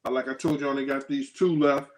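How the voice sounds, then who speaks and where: A man hosting a casual livestream, telling stories with animated quoted dialogue and thanking viewers by name. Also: medium pitch, quick pace. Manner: animated storytelling, acts out quotes in a raised voice. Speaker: host.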